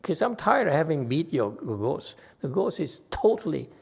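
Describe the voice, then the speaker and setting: A man's voice: on the high side, sing-song, moderate pace, gravelly, breathy edge. A man giving a Dharma talk as a meditation teacher, chatty and teasing, often checking in with his listeners.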